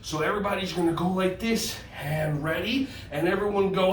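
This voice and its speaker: A man's voice: high-pitched, brisk, hardly any pauses. A man teaching a playful yoga stretch lesson for kids, goofy and jokey, in a roomy recording from a distance. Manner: goofy, animated, jokey with children. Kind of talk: playful kids' movement lesson.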